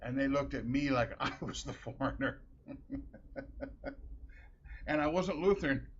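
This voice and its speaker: A man's voice: medium pitch, unhurried, slightly rough. A middle-aged man from Minnesota telling rambling stories in a casual monologue, chuckling between wry remarks. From Minnesota, USA. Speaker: vlogger. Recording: dull lo-fi audio.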